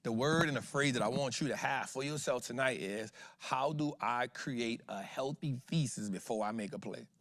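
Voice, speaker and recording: A man's voice: mid-range voice, moderate pace, few pauses, fairly bright tone, dry recording. A man hosting an investing show in casual livestream talk, slangy and emphatic, throwing rhetorical questions at his viewers.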